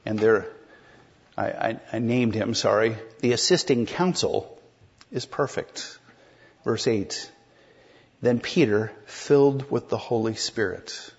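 A man's voice: on the low side, takes it slowly, vocal fry, long pauses, darkish tone, husky, muffled recording. A man preaching an expository sermon in a conversational way, explaining a text and putting questions to the congregation. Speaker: pastor.

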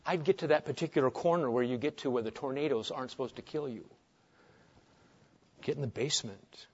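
A man preaching a sermon, swinging between loud emphasis and hushed asides and asking the congregation rhetorical questions. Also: sits high, husky. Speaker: pastor. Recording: dull lo-fi sound.

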